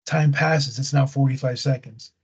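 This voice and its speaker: A man hosting a casual podcast, slangy and animated as he retells a movie plot. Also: mid-range voice, moderate pace, breathy edge, muffled recording. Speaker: podcast host.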